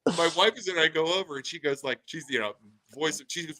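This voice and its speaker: A man's voice: a little high, quick pace, crowd noise, low-quality recording. A man co-hosting a podcast, telling a story in casual chat and acting out what people said. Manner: animated storytelling, acts out quotes. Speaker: podcast co-host.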